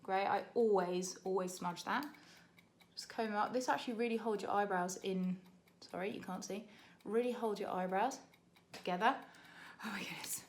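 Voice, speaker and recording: A young British woman, a makeup artist, chatting to camera in a rushed, laughing tutorial while doing her makeup. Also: medium pitch, a little hiss or hum. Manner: chatty, rushed, laughing under time pressure.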